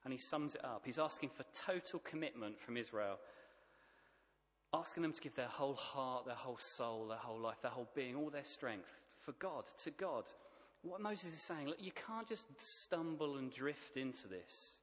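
A man's voice: medium pitch, moderate pace, fairly bright tone, in a large hall. A man preaching a sermon, emphatic and plain-spoken, stacking up repeated phrases.

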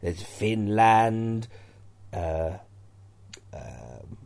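A man chatting casually as a podcast co-host, animated and exclaiming, jumping up in pitch when excited. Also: extremely slow, vocal fry. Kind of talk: casual chat.

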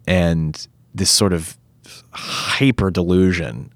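A man's voice: low voice, takes it slowly, dry recording. A man talking casually in an interview as an actor, telling stories animatedly with lots of fillers and some swearing. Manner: animated storytelling, many fillers, swears freely.

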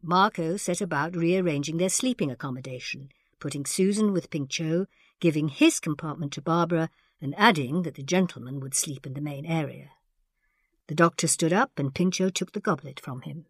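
A woman reading a novel aloud in even, unhurried narration. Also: low voice, breathy edge, no echo, studio quality. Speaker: audiobook narrator. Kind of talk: scripted narration.

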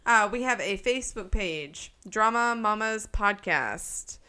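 A woman's voice: mid-range voice, expressive, slow, sharp tone, clean tone. A woman co-hosting a podcast in a casual, chatty way, often laughing and emphatic. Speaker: podcast co-host. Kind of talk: casual chat.

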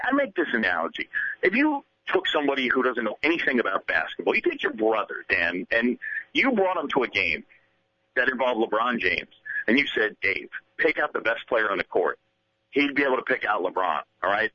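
A man's voice: mid-range voice, no room sound, lo-fi sound. A man who is a baseball broadcaster, chatting casually as a radio guest with a rambling, restart-heavy delivery. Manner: rambling, many restarts and "you know". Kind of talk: casual radio interview chat.

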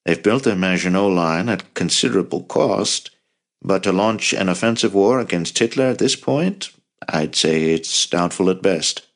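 A man voicing a cautious, skeptical war secretary with a measured, doubtful delivery in an audiobook. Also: sits low.

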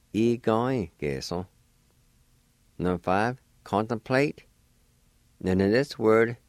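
A man's voice: fairly low pitch, darkish tone, no room sound. A man hosting a radio language lesson, pronouncing words syllable by syllable and encouraging listeners. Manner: slow, careful syllable-by-syllable pronunciation. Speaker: radio host and language teacher.

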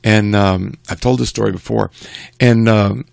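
An older man casually telling a rambling family story, animated and chuckling as he goes. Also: lowish voice, moderate pace, gravelly, smooth, dry recording.

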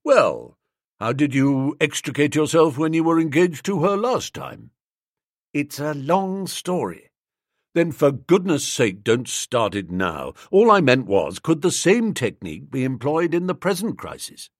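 A man voicing a glib, teasing young English friend in an audiobook, with a dry, mocking manner and a husky voice. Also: a little high, sing-song, measured pace, no room sound. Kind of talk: audiobook character reading.

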